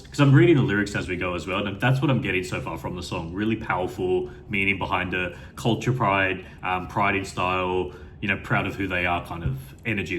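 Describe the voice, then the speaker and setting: Low-voiced man reacting with enthusiasm. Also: a bit bright, slight background noise. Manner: enthusiastic, rambling, many fillers and restarts. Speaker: music video reactor. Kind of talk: unscripted first-time reaction commentary.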